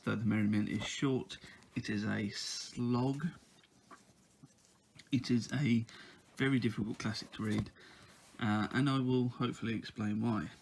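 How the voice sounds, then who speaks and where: A man's voice: on the low side, creaky. A man giving a casual book review, talking in a hesitant way with lots of ums and uhs.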